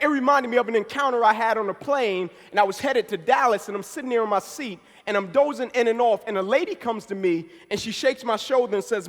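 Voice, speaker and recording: A man in his thirties giving a passionate motivational speech, telling his story and building to forceful, emphatic peaks. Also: high voice. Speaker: motivational speaker. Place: event hall. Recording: speech in a reverberant hall.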